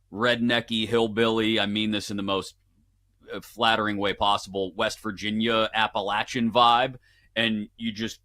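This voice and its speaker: A man, a guest on a casual sports betting show, telling playful animated stories. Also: lowish voice.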